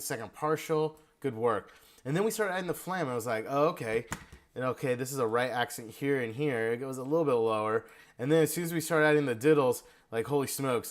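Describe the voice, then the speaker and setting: A man giving casual feedback in an online percussion lesson, now and then singing the rhythms on syllables. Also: mid-range voice. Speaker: percussion instructor.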